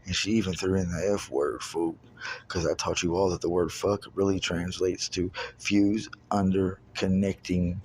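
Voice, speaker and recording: A man's voice: low-pitched, fairly even intonation, normal speed, darkish tone, slight background noise. A man in his thirties from Kentucky, talking in a rambling stream-of-consciousness monologue, swearing often and sliding into loose rhymes and wordplay. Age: 30s. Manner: profane, loose rhyming wordplay, jumping between ideas. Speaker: self-recorded monologue speaker.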